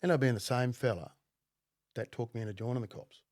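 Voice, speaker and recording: A middle-aged man, a podcast guest telling his story bluntly, with plenty of swearing and halting fillers. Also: medium pitch, a little mellow, no room sound, clean studio sound. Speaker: podcast guest, former undercover cop. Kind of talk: casual conversational storytelling.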